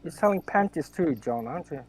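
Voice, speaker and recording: Man, fairly high voice, joking. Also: animated, fairly quick, slight background noise. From Norway. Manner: joking, hesitant with fillers. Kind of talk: casual livestream chat.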